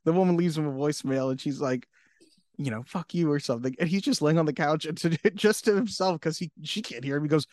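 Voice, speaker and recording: A man's voice: fairly high pitch, quick pace, a little mellow, no room sound, studio quality. A man co-hosting a podcast in casual chat, laughing often and acting out quotes. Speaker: podcast co-host.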